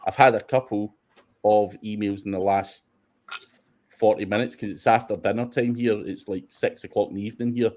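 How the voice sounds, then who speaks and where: A man's voice: lowish voice, steady tone, moderate pace, darkish tone. A Scottish man hosting a casual question-and-answer session, talking bluntly with plenty of swearing and short laughs. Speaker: host of SEO Q&A. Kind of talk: casual livestream Q&A.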